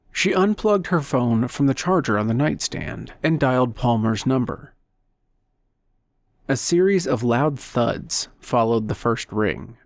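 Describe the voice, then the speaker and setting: A man narrating a short story in a measured, steady storytelling manner at a close microphone. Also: medium pitch, dry recording. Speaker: audiobook narrator. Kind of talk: scripted narration.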